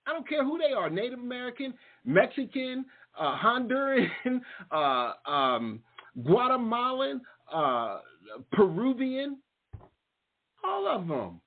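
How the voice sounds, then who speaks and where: A male show host with a high, husky voice delivers a fiery monologue that mocks his targets. He drives his points home by repeating phrases again and again. The sound is thin and tinny, like a phone line. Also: huge pitch swings, slow pace. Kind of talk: impassioned online talk show monologue.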